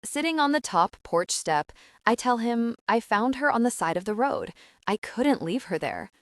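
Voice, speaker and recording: A woman reading a first-person audiobook with expressive, lively narration. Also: on the high side, moderate pace, no echo, clean studio sound.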